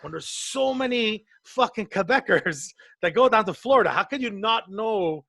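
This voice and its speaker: A man from Canada telling stories on a podcast in a casual, profane, animated way, acting out the people he quotes. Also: sits high, normal speed, gravelly, no echo. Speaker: podcast co-host. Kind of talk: casual storytelling chat.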